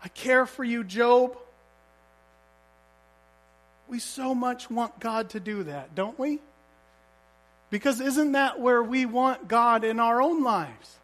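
A man's voice: very high-pitched, slow, a bit bright. A man preaching a sermon as a pastor, telling stories vividly and asking the congregation rhetorical questions.

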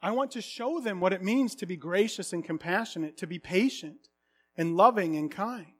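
A man in his thirties preaching a sermon, earnest, swinging from hushed confession to loud exclamations. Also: high-pitched, normal speed, breathy edge.

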